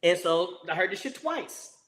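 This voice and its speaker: An American man, a former Marine, telling a war story in a lively, profane way and acting out the people he quotes. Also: sits high, normal speed. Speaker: guest, former Marine rifleman.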